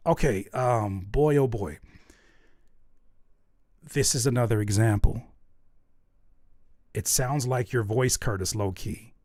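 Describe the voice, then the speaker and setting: A man hosting a music feedback stream in casual chat, jokey and repetitive, switching between loud outbursts and low mutters. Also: takes it slowly, pauses often, no echo, studio quality. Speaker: host reviewing music submissions.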